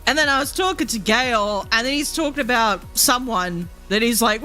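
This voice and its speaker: A woman's voice: fairly high pitch, animated, brisk, few pauses, pushed and bright, faint music behind. A woman streamer chatting casually, laughing often, swearing, and mimicking characters as she tells stories. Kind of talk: casual live-stream chat.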